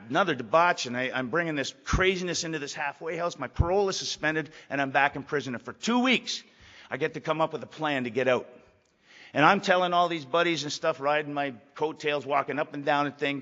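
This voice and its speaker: Older man, recovery meeting speaker, gruff, emphatic, slightly high voice, dull lo-fi echoey hall recording. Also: fairly bright tone. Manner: blunt, emphatic, repeats phrases for weight; gruff and profane. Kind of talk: personal testimony to a meeting.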